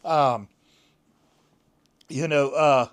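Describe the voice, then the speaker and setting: A man's voice: medium pitch, drawn-out words, smooth. A man vlogging casually at home, rambling with lots of fillers and restarts. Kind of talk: casual chat to camera.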